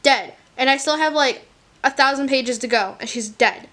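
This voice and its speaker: High-voiced young woman book vlogger. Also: moderate pace, sharp tone. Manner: candid, exasperated, swears freely. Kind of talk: casual reading vlog chat. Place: home, indoors. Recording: faint room noise from the air conditioner. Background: faint air conditioner hum.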